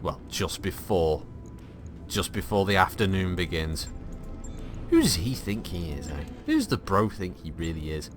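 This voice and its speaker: A man's voice: low voice, expressive, a little slow, music in the background. A man doing a put-on Irish accent, voicing a foul-mouthed, paranoid Irish man who mutters suspicious rants like a sitcom character. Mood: grumbling suspicious.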